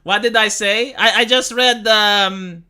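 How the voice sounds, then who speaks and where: A man's voice: sits high, fairly even intonation, takes it slowly, sharp tone, smooth. A man who streams live and reacts with sarcastic, rambling commentary. He swears casually. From Romania.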